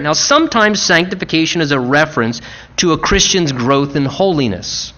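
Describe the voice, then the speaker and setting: A man preaching a sermon, with emphatic repetition, slowing down for stress and rushing through quick asides. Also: on the high side, expressive, bright, forceful tone, highs cut off. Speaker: pastor.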